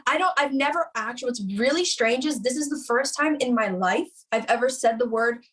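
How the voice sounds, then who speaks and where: A woman's voice: fairly high pitch, a little fast. A woman in her thirties, a songwriter guest chatting playfully and laughing easily in a casual gossip talk. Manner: giggly, animated, playful.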